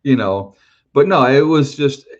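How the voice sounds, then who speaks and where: A man's voice: medium pitch, lively intonation, a little slow, lo-fi sound. A man from New York giving his opinions in a casual, earnest monologue, plain-spoken and rambling with fillers as he talks about a motorcycle trip.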